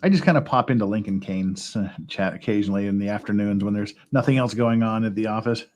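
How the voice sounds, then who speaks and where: A man's voice: lowish voice, fast talker, a little mellow. A man hosting a casual livestream, rambling and chuckling as he builds Lego and counts pieces aloud. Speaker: stream host.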